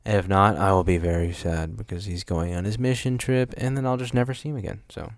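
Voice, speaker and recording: A man's voice: low voice, brisk, no room sound. Rambling sarcastic young man, dry close mic. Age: young adult. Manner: rambling, sarcastic, self-interrupting. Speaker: podcast host. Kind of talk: solo podcast monologue. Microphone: studio mic with windscreen.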